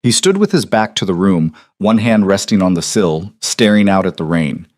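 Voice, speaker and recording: Guy narrating a period romance story, low voice, steady pace, dead dry sound. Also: normal speed, no room sound. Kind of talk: scripted audiobook narration.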